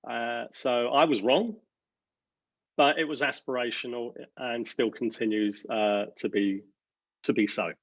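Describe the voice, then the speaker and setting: A company director giving earnest interview answers, halting with many fillers and restarts. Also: male voice, medium pitch, steady tone, no room sound, muffled recording.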